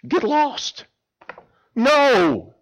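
Man putting on a shrill, grumpy neighbor woken at midnight. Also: animated, takes it slowly, pushed and bright, breathy edge, full character voice. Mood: curt refusing. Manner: irritated, snapping, shrill.

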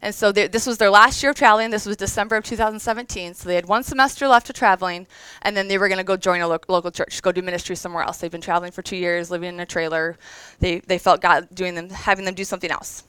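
A woman's voice: lowish voice, fairly even intonation, fast talker, hardly any pauses, a bit bright, clear, resonant tone, no echo, rough recording. A woman in her thirties giving a conversational, earnest devotional talk to an audience, emotional at times. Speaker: women's event speaker.

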